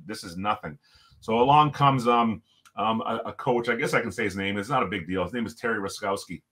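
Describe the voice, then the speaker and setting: A middle-aged man from Jamaica, a former pro hockey player, telling a long story in casual talk and acting out what people said. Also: lowish voice. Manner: animated storyteller, acts out quotes, many restarts.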